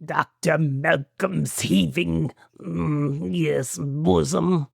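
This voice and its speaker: A man putting on the voice of a sinister old male galactic emperor, speaking slowly and low. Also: steady tone, vocal fry, darkish tone, no room sound, studio quality, exaggerated voice.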